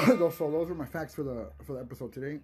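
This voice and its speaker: A young man hosting a casual solo podcast, rambling with lots of swearing, laughs and restarted words. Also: fairly high pitch. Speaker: podcast host.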